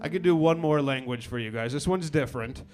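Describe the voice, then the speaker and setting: A man from Chicago doing a stand-up set on a comedy club stage, deadpan, with mock foreign gibberish. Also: a little high, brisk, faint music behind.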